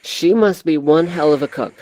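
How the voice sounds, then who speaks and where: A woman's voice: sits low, normal speed, darkish tone, no echo, low-quality recording. A woman co-host telling raunchy comic stories, laughing often and talking crudely. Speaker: co-host and bartender. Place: virtual reality social app.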